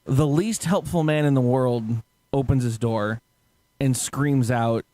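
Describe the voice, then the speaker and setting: A man's voice: mid-range voice, unhurried, mellow. A man telling a story in casual chat, laughing often and acting out quotes with swearing.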